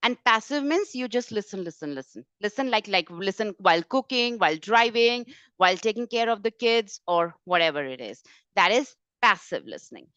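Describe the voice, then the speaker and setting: A woman's voice: mid-range voice, animated, normal speed, a bit bright, clean tone, no echo. A woman hosting a webinar over a video call, encouraging and casual. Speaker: webinar host. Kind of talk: webinar presentation. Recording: dry, dull call audio.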